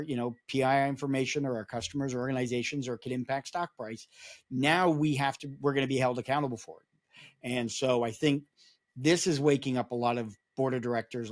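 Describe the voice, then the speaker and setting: Guesting on a podcast interview, a security awareness advocate speaks in a voice of ordinary middle pitch. His manner is relaxed and conversational, and he works through his points at length in a storytelling way.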